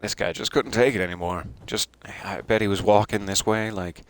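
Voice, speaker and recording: A man's voice: on the low side, fairly even intonation, brisk. A man giving casual, playful commentary while playing a game, talking theatrically to the characters and joking at his own expense. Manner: self-deprecating asides. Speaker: let's play streamer.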